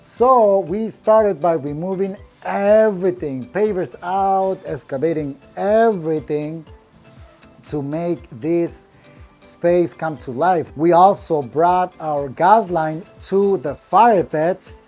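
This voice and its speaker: Upbeat contractor touring a backyard. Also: male voice, sits high, takes it slowly, a little mellow, soft background music. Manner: upbeat, plainspoken, proud of the work. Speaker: landscaping contractor. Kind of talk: casual project walkthrough. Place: outdoors in a backyard patio.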